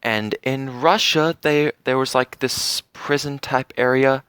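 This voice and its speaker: A young man giving a casual spoken review of a TV series, earnest and heartfelt, pausing often with fillers. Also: mid-range voice, fairly even intonation, a bit bright, clear, resonant tone, no echo, studio quality. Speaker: TV show reviewer.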